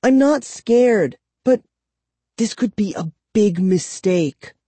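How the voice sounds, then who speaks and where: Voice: expressive, slow pace, warm tone, breathy edge, dry recording, full character voice. Reader putting on a nervous, stubborn young girl. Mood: insistent. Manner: high, insisting, stammering when frightened. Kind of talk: audiobook character voice.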